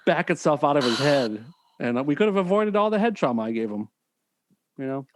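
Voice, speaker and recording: A man's voice: fairly high pitch, animated, fairly quick, background noise. A man hosting a podcast, chatting casually with a teasing, dry sense of humor. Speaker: podcast host. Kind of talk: casual chat.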